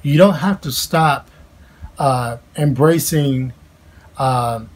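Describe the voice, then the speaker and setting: At home, a man in his thirties with a mid-range voice tells a family story in a casual, heartfelt chat. His speech is halting, with lots of fillers and restarts.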